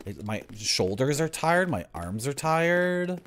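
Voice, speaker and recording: A young man streaming a video game live, rambling through deadpan absurd tangents as he plays. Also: fairly high pitch, takes it slowly, a little hiss or hum. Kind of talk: live gameplay commentary.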